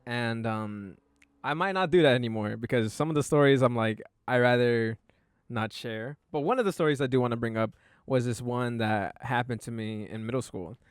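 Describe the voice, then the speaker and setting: A man's voice: mid-range voice, normal speed, clear, resonant tone, no room sound, clean studio sound. Rambling young man telling a story. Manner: rambling, full of "like" fillers. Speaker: podcast host. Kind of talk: casual storytelling chat.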